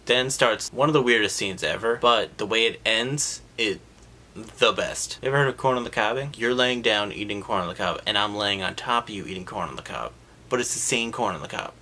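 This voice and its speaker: With a fairly low voice, a man mocks a film's scenes in an animated, sarcastic comedy recap, darting into brief silly character voices.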